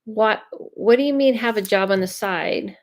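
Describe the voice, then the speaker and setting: Woman, psychic medium, live-stream chat, chatty, rambling restarts, mid pitch. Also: unhurried. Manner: chatty, self-interrupting, thinks aloud; reads viewer questions aloud.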